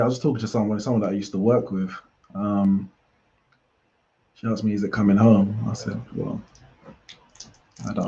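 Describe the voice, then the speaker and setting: A man's voice: fairly low pitch, darkish tone, highs cut off. A man hosting a live football watchalong, chatting casually and reacting aloud to the play. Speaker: watchalong host. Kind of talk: live match watchalong commentary.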